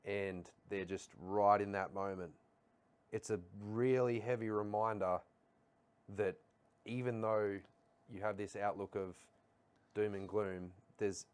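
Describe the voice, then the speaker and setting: Aussie guy chatting on a podcast, low-ish voice, relaxed and thoughtful. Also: a little slow, pauses often, clear, resonant tone. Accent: Australian. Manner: laid-back, reflective, laughs easily. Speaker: podcast co-host. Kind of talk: casual chat.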